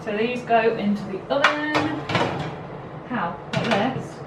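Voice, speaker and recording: A woman's voice: on the high side, slow, heavy background noise. A woman, chatting casually through a home baking vlog, self-deprecating and easygoing. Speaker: vlogger. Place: home kitchen.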